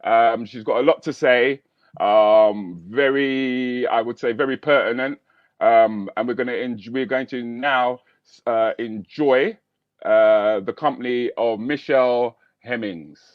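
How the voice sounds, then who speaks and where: A man's voice: mid-range voice, steady tone, a little slow, dry recording, phone-quality sound. A man hosting a casual online chat show, easygoing, often restarting and repeating himself.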